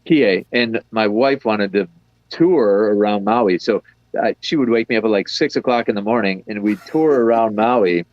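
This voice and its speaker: A man's voice: on the low side, moderate pace, darkish tone, dry recording, muffled recording. A man who organizes a comedy festival, chatting as a guest and telling easygoing stories. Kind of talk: casual chat.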